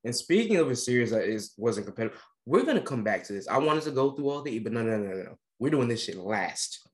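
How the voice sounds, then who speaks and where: A man in a heated sports rant, his pitch swinging widely as he scolds and curses. His voice sits at an ordinary middle height, and the tone stays casual and fired up. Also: sing-song, quick pace. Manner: heated, scolding, swearing freely. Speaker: podcast co-host.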